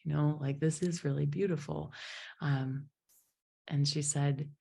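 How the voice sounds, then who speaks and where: A woman giving a motivational talk to a group at an evening presentation, telling a personal story in an emotive, animated way. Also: sits low, a little slow, gravelly, husky. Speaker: motivational speaker and business founder.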